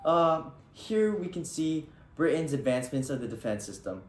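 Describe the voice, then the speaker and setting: A man's voice: on the high side, very animated, moderate pace. Jokey man playing a mock reporter. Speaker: field reporter. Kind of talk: comedic mock newscast. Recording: echoey room.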